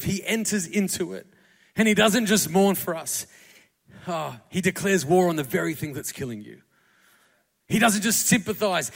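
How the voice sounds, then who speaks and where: A man preaching a sermon to a congregation, building from quiet, tender passages to fervent, shouted crescendos. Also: high voice, vocal fry. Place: church hall. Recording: long hall reverb.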